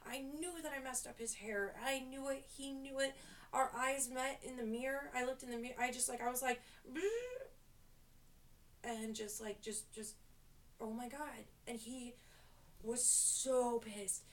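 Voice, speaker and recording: High-voiced young woman, rambling vlog. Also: fairly even intonation, moderate pace. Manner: rambling, self-deprecating. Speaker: hairstylist. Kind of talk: casual storytelling vlog. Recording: voice distant from the mic.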